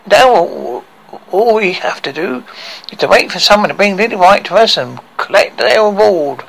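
A man's voice: sits high, expressive, moderate pace, creaky, a bit bright, full character voice, rough recording. A man doing a gleeful scheming queen. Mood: gloating.

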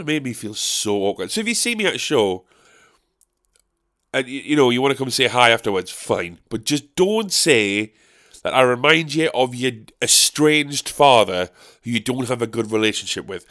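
A man's voice: medium pitch, sing-song, moderate pace, a bit bright. A man hosting a solo podcast, rambling casually, swearing and making fun of himself. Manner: rambling, profane, self-mocking. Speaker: podcast host. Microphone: podcast microphone.

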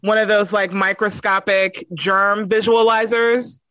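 A man co-hosting a podcast in casual comedic chat, animated and joking, laughing often. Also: high-pitched, unhurried, clear, resonant tone, no echo. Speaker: podcast co-host.

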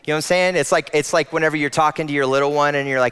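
A man's voice: a little high, fairly even intonation, racing, clear, resonant tone. Impassioned male preacher. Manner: impassioned, rising to loud emphatic peaks, then dropping soft and intimate. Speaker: pastor. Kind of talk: sermon. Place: church auditorium.

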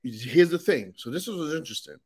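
A man's voice: a little high, lively intonation, brisk, slightly rough. A man, a comedian guest on a podcast, in casual chat, slangy and saying "bro" a lot.

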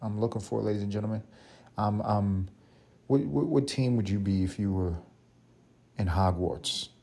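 A man's voice: on the low side, normal speed, gravelly, a little mellow. A man hosting a solo podcast, telling rambling, profane, joking stories in casual talk. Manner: rambling, profane, jokey storytelling. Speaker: podcast host.

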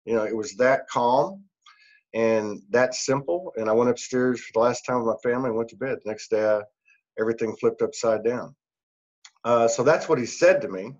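In dull audio, a middle-aged man talks at normal speed in a medium-pitched voice as a podcast guest. He rambles earnestly through a personal story, casually, laughing often with many fillers.

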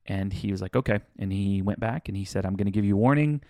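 Low-voiced man telling a rambling story. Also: fast talker, no room sound, studio quality. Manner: rambling, animated storytelling with swearing. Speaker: podcast co-host. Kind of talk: casual chat.

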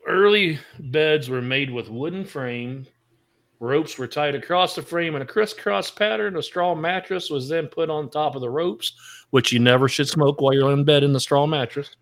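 A man's voice: fairly high pitch, normal speed. A man co-hosting a casual podcast, reading odd word origins and telling old jokes with a laugh. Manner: tells jokes and stories, laughs often. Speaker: podcast co-host. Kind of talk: casual chat.

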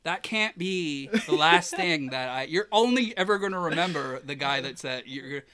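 Man, casual storyteller, bright and forceful, self-deprecating, sinks quiet when embarrassed. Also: on the high side, animated, moderate pace. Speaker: guest telling a story.

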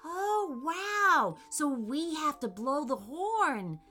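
An excitable young prince who worries out loud, squeaking high and darting all over , as a woman reading a storybook puts him on. The tone is bright and lively, with soft music in the background. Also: drawn-out words, full character voice. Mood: eager. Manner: high-pitched and eager.

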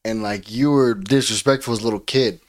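A man's voice: fairly low pitch, brisk. Rambling man co-hosting a podcast. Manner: rambling, full of "like" and "you know". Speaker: podcast co-host. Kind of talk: casual chat.

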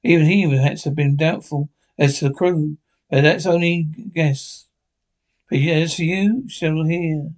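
Man narrating a storybook, a little high. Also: fairly even intonation, measured pace, darkish tone, rough recording. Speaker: audiobook narrator.

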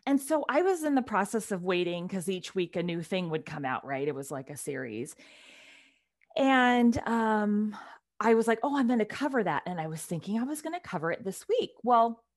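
Woman, middle-aged, light Southern twang; chatty podcast co-host, animated delivery. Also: medium pitch. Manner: animated, chatty, quick laughs. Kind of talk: casual chat.

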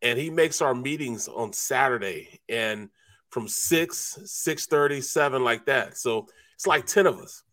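A man's voice: mid-range voice, animated, unhurried, a bit bright. A man from St. Louis co-hosting a sports talk show and telling laid-back stories, saying "man" and "you know" a lot. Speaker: sports talk show co-host, former football player. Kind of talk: casual sports talk storytelling.

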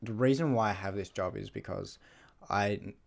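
A man's voice: on the low side, normal speed, creaky. A young man chatting as a podcast guest, laid-back and hesitant, swearing casually. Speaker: podcast guest, car salesman. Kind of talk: casual chat.

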